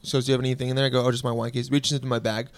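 A man casually telling a story on a podcast, laid-back and deadpan, quoting people in a flat, low voice. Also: racing, dry recording.

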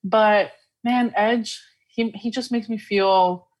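Woman, mid-range voice, casual podcast chat, excited, laughs often. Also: mid-range voice, slow pace. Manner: excited, laughing, emotional fan talk. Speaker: podcast co-host.

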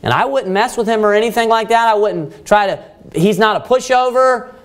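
A man's voice: high-pitched, moderate pace. A man preaching a sermon as a pastor, asking rhetorical questions and repeating points for emphasis, with many filler phrases. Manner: many fillers of "you know" and restarts.

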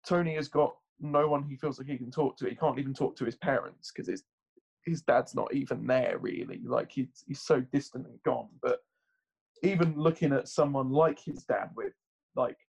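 A man's voice: medium pitch, normal speed, gravelly, a little mellow, husky. A man in casual podcast chat, reflective and hedging his points. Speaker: podcast co-host.

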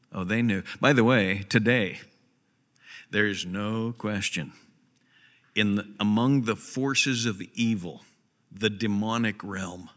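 A man's voice: on the low side, a bit bright, big-room sound. A man preaching a sermon as a pastor, emphatic and repeating key phrases for stress. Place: church sanctuary.

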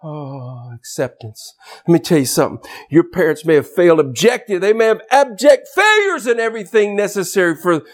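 A man preaching a sermon as pastor, swinging from loud shouted emphasis to quiet, low asides. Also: sing-song, brisk, few pauses.

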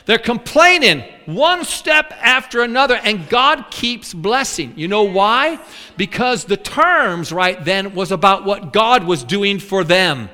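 An animated male preacher with a high, lively voice that swoops up and down. His tone is bright and forceful, and it rings out with a long reverb in a large hall. He acts out complaining voices as he preaches. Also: slow. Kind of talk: sermon.

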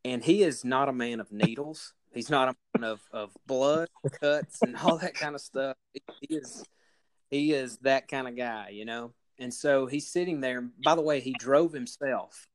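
A man telling a funny story on a casual podcast, laughing often and acting out loud quotes. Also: medium pitch, moderate pace, dry recording. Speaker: podcast host.

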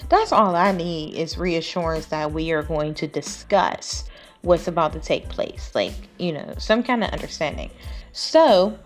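A woman's voice: low-pitched, lively intonation, a little slow, faint music behind. A woman hosting a podcast, telling a personal story in a casual, blunt, profane way and acting out the quotes. She sounds tired and yawns now and then. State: tired, yawning. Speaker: podcast host.

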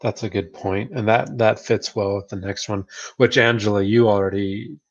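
A man with a fairly low voice talks through ideas in an easy, conversational way. He laughs often and keeps checking in with little asides. The recording sounds dull and lo-fi. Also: moderate pace. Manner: relaxed, chatty, laughs often, many "right?" tags. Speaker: podcast co-host, therapist. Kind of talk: casual book discussion.

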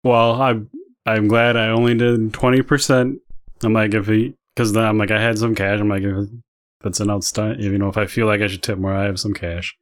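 A man's voice: on the low side, flat delivery, brisk. A tired man telling a rambling, profanity-laced story on a podcast, often laughing as he goes. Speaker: podcast co-host. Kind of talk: casual storytelling chat.

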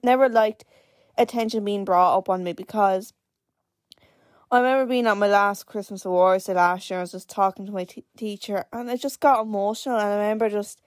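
A woman's voice: mid-range voice, a little mellow, no room sound. A young Irish woman in her late teens hosting her own podcast, talking in a hesitant, reflective way with many fillers and restarts. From Ireland. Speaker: podcast host. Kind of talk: personal podcast monologue.

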